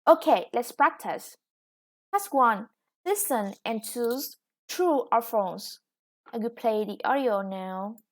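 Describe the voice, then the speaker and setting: A woman's voice: fairly high pitch, animated, slow pace. A woman with a Vietnamese accent teaching an online English lesson, explaining step by step with frequent "yeah" and "okay".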